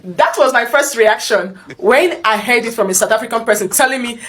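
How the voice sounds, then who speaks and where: A woman from Nigeria telling a casual story, animated and laughing as she acts out quotes. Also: fairly high pitch, normal speed, few pauses, a little hiss or hum.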